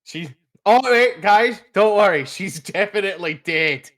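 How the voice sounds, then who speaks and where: A man playing a tabletop game, excitable and often laughing. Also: sits high, measured pace. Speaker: player.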